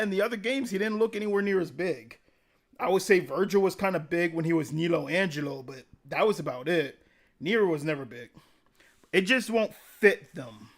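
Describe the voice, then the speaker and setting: Streamer guy w a kinda high voice, casual chat, swears a lot, laughs constantly, reads chat out loud. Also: expressive, normal speed. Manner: profane, laughs often, rambling game talk. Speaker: live streamer. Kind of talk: casual live-stream chat, reading chat comments.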